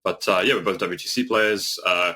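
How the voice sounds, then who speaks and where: A man, a podcast guest chatting in a relaxed, hesitant way. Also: sits low, normal speed. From New Zealand. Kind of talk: casual podcast chat.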